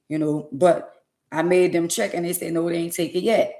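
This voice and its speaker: A woman casually telling viewers a story, lively with preachy asides in dialect speech. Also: lowish voice, brisk, echoey room.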